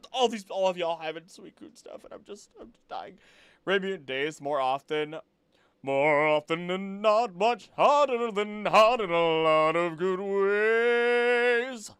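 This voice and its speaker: Male streamer, animated chatty play-by-play with a swooping voice and quick outbursts. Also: a little high, no echo. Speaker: game streamer. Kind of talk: live gameplay commentary to chat. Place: home, seated at a computer.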